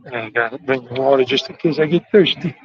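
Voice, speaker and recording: A man's voice: medium pitch, fast talker, noisy background. American guy rambling on a street walk, chatty, kinda dull lo-fi camera sound. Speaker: tour vlogger. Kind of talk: walking tour commentary. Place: outdoors on city streets.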